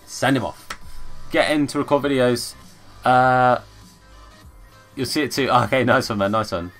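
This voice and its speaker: A young man commenting live on a football video game as a streamer, chatting with viewers and bursting into excited shouts at the play. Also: mid-range voice, a little slow. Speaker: gaming streamer. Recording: faint background music.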